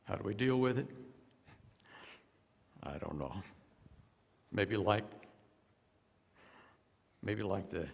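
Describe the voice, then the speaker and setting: A man's voice: on the low side, animated, slow pace, gravelly, pauses often. A man preaching a sermon as a pastor, telling stories with quoted voices and touches of humor. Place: church sanctuary. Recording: long church reverb.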